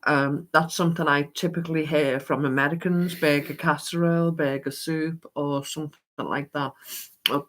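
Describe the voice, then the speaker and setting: A woman's voice: sits low, fairly even intonation, normal speed, hardly any pauses, a bit bright. A woman with an English accent hosting a casual livestream, chatting and asking viewers questions. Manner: chatty, asks viewers questions, calls them love. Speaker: livestream host. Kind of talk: casual chat reading viewer comments.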